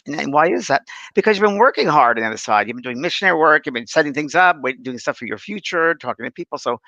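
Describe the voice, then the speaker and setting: A man's voice: on the high side, fast, no echo, lo-fi sound. A middle-aged man who is a spiritual medium chats and tells stories animatedly, acting out voices along the way. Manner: animated storyteller, acts out voices. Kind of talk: casual chat.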